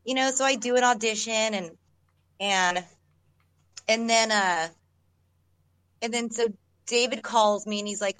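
A woman's voice: fairly high pitch, a little slow, long pauses, a bit bright, no room sound, low-quality recording. A woman, an actress, telling stories in a casual, rambling way, often restarting sentences and laughing as she talks. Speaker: actress guest. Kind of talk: casual storytelling in an interview.

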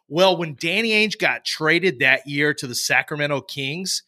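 A man hosting a casual chat, telling lively stories and acting out the people in them. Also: a little high, unhurried, hardly any pauses. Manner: animated storyteller, acts out quoted voices.

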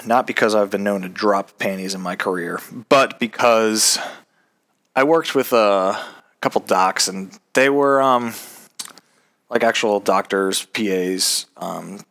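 A man with a lowish voice hosts his own podcast, talking into his microphone. He rambles in a loose, unscripted rant, swearing freely and filling pauses with ums. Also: bright, forceful tone. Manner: profane, rambling, frequent ums. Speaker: podcast host. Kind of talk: casual ranting monologue.

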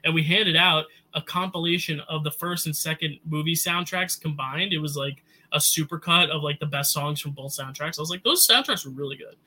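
A young man co-hosting a casual movie review chat, talking in quick asides with lots of "like". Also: on the high side, little pitch movement, bright, forceful tone, poor audio. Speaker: podcast co-host.

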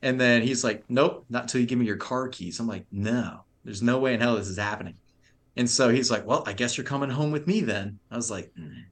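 A man's voice: medium pitch, a little fast. A young adult man on a podcast, telling a long story in rambling, profane, laugh-filled casual chat.

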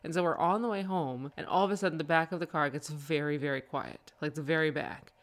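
A woman's voice: deep voice, fairly quick. A woman chatting casually as a parent, telling a family car story and laughing often. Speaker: podcast co-host, parent.

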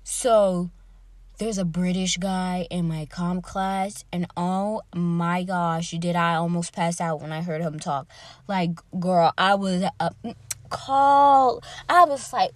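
A woman's voice: fairly low pitch, a little slow, no room sound. A young woman hosting her own podcast, chatting casually and rambling from one topic to the next. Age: young adult. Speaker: podcast host.

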